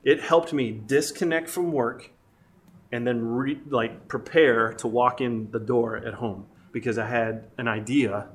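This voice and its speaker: A man's voice: mid-range voice, steady tone, a little slow, a little hiss or hum. A middle-aged man telling casual, self-deprecating stories about marriage and parenting, laughing often. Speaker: guest speaker. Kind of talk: casual storytelling about family life.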